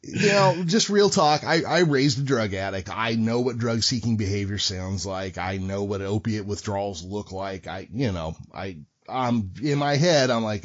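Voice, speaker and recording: A man's voice: on the low side, normal speed, few pauses. A middle-aged man telling a story in casual chat, swearing freely and acting out the voices of others. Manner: profane, animated, acts out voices. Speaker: podcast guest storyteller. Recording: dull lo-fi recording.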